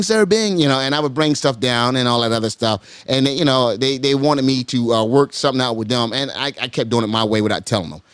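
A man at a podcast mic tells a long, animated story to his friends. He keeps repeating words, "hold up, hold up", and his pitch jumps way up whenever he plays the people in it. The sound is close and dry, with no room around him. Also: clean tone, no room sound. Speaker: podcast guest telling a story.

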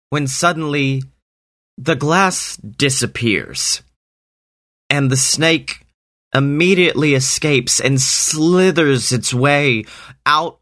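A man telling an improvised parody story in a slow, earnest, deadpan way. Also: medium pitch.

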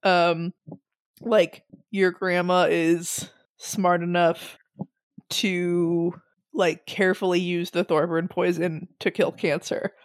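A woman's voice: on the low side, level tone, slow, dry recording. A woman chatting casually about a book on a podcast, laughing often and acting out the characters' lines. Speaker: podcast co-host. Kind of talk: casual book discussion chat.

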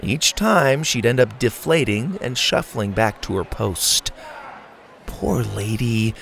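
A man reading a children's story aloud at an even, steady pace. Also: mid-range voice, measured pace, gravelly, slight background noise.

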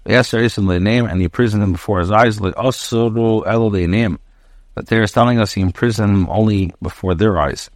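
A rabbi with a fairly low voice teaches a daily scripture lesson. He reads out a Hebrew phrase, pauses, then translates and explains it in unhurried steps. The sound is dry and close, with no room echo.

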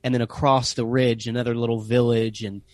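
An American man casually telling travel stories in an interview, animated and sprinkling in playful Italian phrases. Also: mid-range voice, brisk, no room sound. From United States. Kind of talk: casual storytelling chat.

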